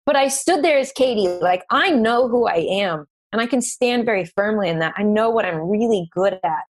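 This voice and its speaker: A woman guest on a podcast interview, telling a personal business story in an earnest, emotional, animated way. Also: medium pitch, moderate pace.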